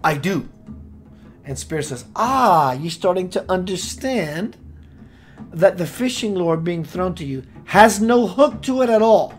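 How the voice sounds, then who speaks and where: A man hosting a spiritual radio show, preaching with playful rhymes and sudden swings between loud and hushed. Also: high-pitched, expressive, measured pace, soft background music. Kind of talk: impassioned spiritual talk.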